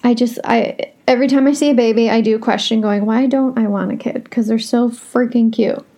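A woman's voice: a little high, fairly even intonation, moderate pace, warm tone. A young woman hosting a solo podcast, talking casually and bluntly, swearing freely as she vents. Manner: blunt, frank and swears a lot. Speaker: podcast host.

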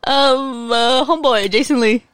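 A young woman co-hosting a casual podcast, teasing her partner with quick reactions. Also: sits high, fairly bright tone, smooth, no room sound. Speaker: podcast co-host. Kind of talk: casual chat.

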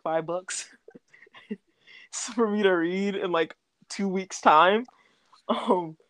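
A woman's voice: fairly low pitch, no echo. A young adult woman talking in casual podcast chat, laughing often and using lots of fillers. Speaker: podcast co-host.

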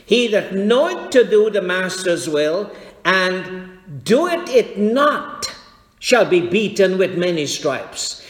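A man preaching a sermon in a church, slow and deliberate, checking that his congregation follows. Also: high voice. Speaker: pastor. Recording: echoey hall with long reverb.

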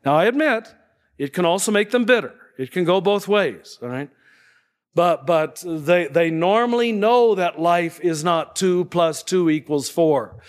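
A man giving a spiritual talk to an audience, conversational, often checking in with the listeners and chuckling softly. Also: a little high, animated, moderate pace. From United States. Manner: conversational, checks in with tag questions and soft chuckles. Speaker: spiritual teacher.

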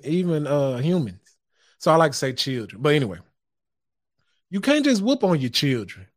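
Male podcast host, high voice, casual preachy monologue, chuckles and cusses freely. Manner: loose, preachy, chuckles often, curses casually. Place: home studio.

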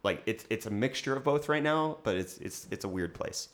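A man's voice: on the low side, expressive, normal speed, a bit bright. A young man chatting casually on a podcast, rambling with many fillers and restarts and often laughing. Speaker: podcast co-host, business owner.

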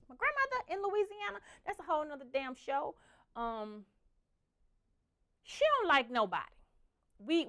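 A young adult woman telling family stories in a casual, profane, animated way, slipping into the voices of her relatives. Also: a little high. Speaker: storyteller. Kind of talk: casual storytelling.

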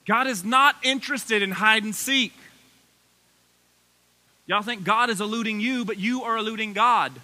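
A male pastor preaching a sermon with energy, his voice climbing high when excited, with casual asides to the congregation. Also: moderate pace, pauses often.

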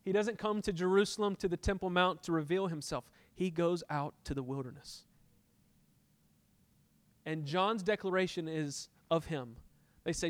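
A man's voice: sits high, normal speed, no echo. A middle-aged man preaching a sermon as pastor, telling a personal story and acting out his arguments with God, building to impassioned peaks.

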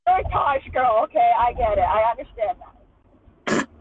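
A woman's voice: a little high, expressive, normal speed. A woman co-hosting a podcast over a call, talking casually with a playful, teasing manner. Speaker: podcast co-host. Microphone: call audio. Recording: tinny noisy call line.

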